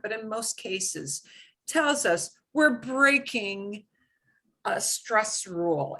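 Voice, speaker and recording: A woman teaching a beginners' Spanish class, explaining with emphatic, animated bursts. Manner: animated, emphatic explaining with sudden high exclamations. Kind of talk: live classroom lesson.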